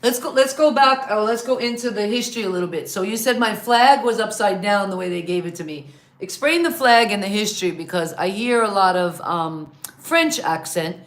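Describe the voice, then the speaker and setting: A woman hosting an interview, casual and eager, often affirming her guest. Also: medium pitch. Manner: eager, affirming, quick to agree. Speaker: host.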